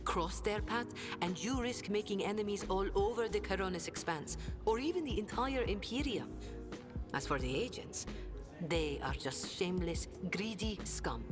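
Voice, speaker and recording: Actress playing a sly smuggler-trader woman, accented, lively swooping pitch, hushed asides, game music behind. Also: moderate pace, natural voice. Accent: non-standard accent. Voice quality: theatrical, swooping delivery with sudden hushed asides. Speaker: game companion character. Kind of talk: video game voice acting.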